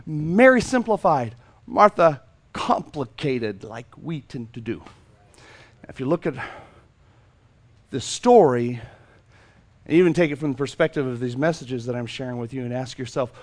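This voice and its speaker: A male pastor preaching a sermon, animated and playful, acting out the voices in a story and repeating words for emphasis. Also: mid-range voice, moderate pace, long pauses.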